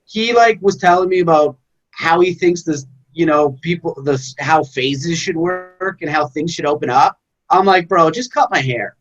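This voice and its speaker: A man with a fairly high voice tells a deadpan story on a comedy podcast. His sound is slightly dull and lo-fi. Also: moderate pace. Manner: deadpan anecdote telling, voices others in quotes. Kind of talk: casual comedy podcast banter.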